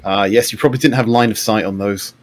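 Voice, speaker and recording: A man's voice: on the low side, steady tone, fast. A man, narrating a tabletop game as game master. He talks in a chatty way, with many fillers and restarts.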